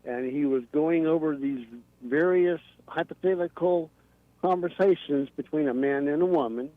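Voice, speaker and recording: A man's voice: a little high, moderate pace, dry recording. A man calling a radio show with a request, polite and a little rambling. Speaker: caller. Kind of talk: phone-in request. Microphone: phone. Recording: dry, dull phone line.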